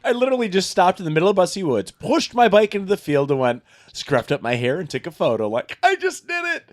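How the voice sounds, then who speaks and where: A man's voice: high-pitched, fast. A man co-hosting a casual cycling podcast chat, joking and poking fun at himself. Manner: animated, self-mocking, jokey. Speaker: podcast co-host.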